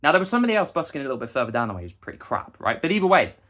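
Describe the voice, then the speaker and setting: A man's voice: mid-range voice, big pitch swings, racing, a bit bright. A young man, delivering a heated, indignant rant straight to the camera. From England. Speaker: busker and vlogger. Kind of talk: ranting monologue to camera.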